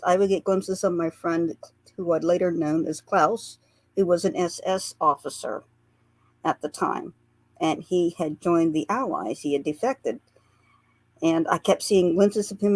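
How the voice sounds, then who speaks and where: Her voice is fairly low-pitched and darkish in tone, recorded with no echo. As a guest on a radio interview, this psychic portrait artist earnestly tells stories from her memories, laughing during the lighter moments.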